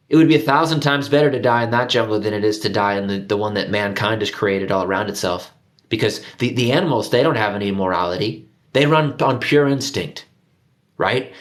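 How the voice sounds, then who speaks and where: A man hosting his own video, delivering a heated profane rant straight to his viewers and repeating himself for emphasis. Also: medium pitch. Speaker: conspiracy video host.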